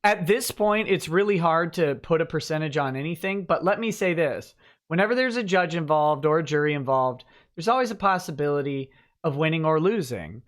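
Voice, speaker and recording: A man hosting a live-stream interview, talking in a halting way full of restarts and dropping wry jokes. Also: on the high side, lively intonation. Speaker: host.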